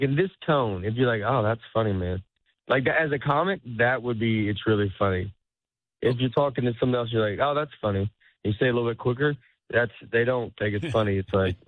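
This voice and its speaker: A comedian talking as a guest in a casual interview, rambling and cutting himself off, laughing often. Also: male voice, mid-range voice, no echo. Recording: tinny phone-like line.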